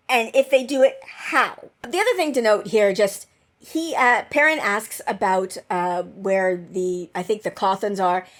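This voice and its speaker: A woman hosting her own channel, chatting about a TV episode in a rambling, excitable way, full of "like" and gushing bursts. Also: fairly high pitch. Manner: excitable and gushing, with quick bursts of squealing delight. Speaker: channel host reviewing a TV episode. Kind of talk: casual chat over episode footage.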